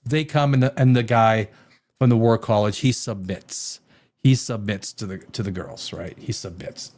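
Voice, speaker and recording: A man's voice: lowish voice, moderate pace, darkish tone. A man hosting a casual live-stream TV review, rambling and exasperated, with sarcastic asides. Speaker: TV show reviewer, host.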